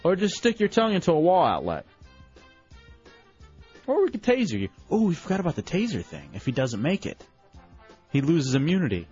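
A male radio host with a slightly raised voice and a lively, swooping delivery, teasing his co-hosts as he runs a quiz game. The broadcast sounds a little muffled, with faint music underneath. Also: fairly high pitch. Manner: animated, teasing, quick laughs. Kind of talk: radio show banter, running a quiz game.

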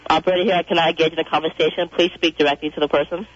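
Male relay operator, businesslike, high pitch, dull phone sound. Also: racing. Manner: flat, businesslike. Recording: muffled phone line on radio.

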